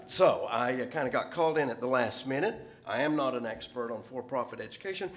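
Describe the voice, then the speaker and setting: A middle-aged man gives a talk on a conference panel. He explains his points as a professor would in a lecture, in a mid-range voice. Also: medium pitch.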